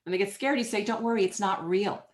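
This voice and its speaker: Emphatic, energetic woman guest. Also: medium pitch, fast. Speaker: guest author. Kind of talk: interview answers.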